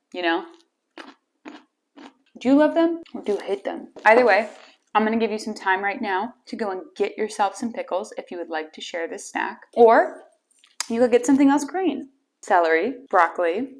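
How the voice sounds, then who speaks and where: A young woman from Wisconsin hosting her own small talk show, chatty and playfully teasing. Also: mid-range voice. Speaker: host. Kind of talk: casual solo talk show.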